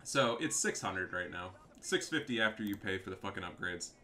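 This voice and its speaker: A man's voice: low voice, expressive, a little fast, pushed and bright, slight background noise. A man giving profane, trash-talking commentary over a strategy game match. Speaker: gameplay commentator.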